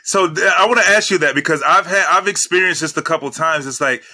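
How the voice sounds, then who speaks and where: A man's voice: on the high side, fast, pushed and bright. A man, a former basketball player, co-hosting a casual sports talk show and asking easygoing questions. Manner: easygoing, asks the guest questions, lots of fillers.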